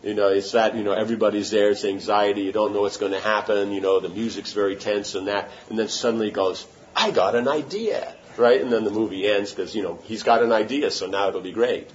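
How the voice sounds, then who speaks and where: A man's voice: lowish voice, level tone, fast, hardly any pauses. A man giving an informal devotional talk, conversational and often asking if his point makes sense. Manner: conversational, often checks for understanding. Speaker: spiritual teacher. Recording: slightly muffled recording with faint room noise.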